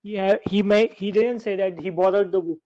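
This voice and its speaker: Hesitant young student. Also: male voice, high voice, steady tone, a little fast, mellow, no room sound, muffled recording. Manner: hesitant, answers in short bursts.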